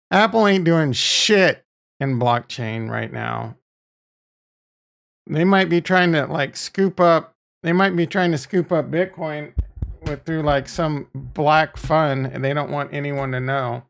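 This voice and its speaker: A man's voice: on the high side, slow pace, creaky, a bit bright. A man hosting a casual crypto livestream, rambling and swearing freely as he reacts to viewer comments. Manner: rambling, profane, off-the-cuff.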